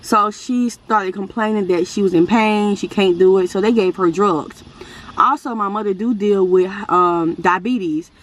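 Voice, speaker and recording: A woman's voice: mid-range voice, unhurried. A woman vlogger giving a casual update to her viewers. She rambles earnestly with restarts, calls them y'all, and speaks with religious conviction.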